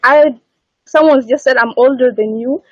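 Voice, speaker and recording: A woman's voice: high-pitched, moderate pace, breathy edge, no room sound. A woman calling into an online debate, emotional and defensive, hesitantly reading text aloud. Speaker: caller. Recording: dull lo-fi call audio.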